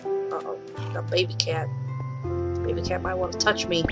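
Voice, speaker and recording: A woman's voice: on the low side, level tone, moderate pace, music in the background, low-quality recording. A woman giving casual, chatty commentary while playing a game at home, swearing lightly and talking to the animals. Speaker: let's play host. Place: home room.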